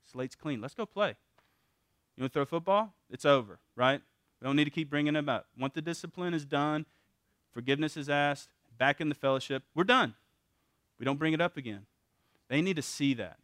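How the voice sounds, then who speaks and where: A middle-aged man giving a casual, animated talk at a parenting seminar, often acting out what parents and kids say in a raised voice. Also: medium pitch, dry recording, studio quality. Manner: animated, acts out parents' and kids' quotes in a raised voice; casual, with repeated words and restarts. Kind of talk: conversational teaching talk.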